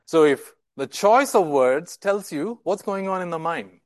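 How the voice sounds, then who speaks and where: A man's voice: a little high, animated, unhurried, hardly any pauses, no echo. A male preacher giving a sermon in an emphatic way, often repeating words and asking rhetorical questions.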